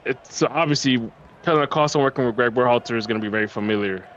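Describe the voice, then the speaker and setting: A man's voice: medium pitch, fast talker, fairly bright tone, highs cut off, a little hiss or hum. A man co-hosting a soccer podcast, chatting casually and emphatically, repeating himself. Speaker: podcast co-host.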